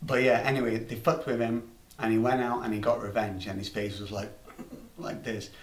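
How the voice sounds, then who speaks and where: A man's voice: mid-range voice, little pitch movement, moderate pace. A man rambling through a comic anecdote, swearing freely and restarting his sentences. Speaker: comedy storyteller. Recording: roomy room, distant mic.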